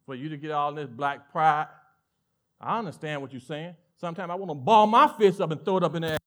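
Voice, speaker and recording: A male pastor with a Southern American accent preaching a sermon, animated, swinging from loud emphatic lines to hushed asides. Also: on the high side, a little fast.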